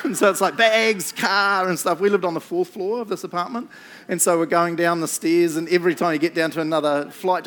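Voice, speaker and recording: A middle-aged man, preaching a casual storytelling sermon and shouting out re-enacted moments. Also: on the high side, lively intonation, a little fast. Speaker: pastor.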